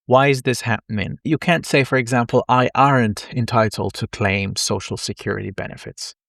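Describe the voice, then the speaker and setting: A man's voice: medium pitch, fairly bright tone, dry recording, clean studio sound. A man teaching an online syntax lesson, explaining step by step with frequent self-corrections and wry asides. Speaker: linguistics lecturer.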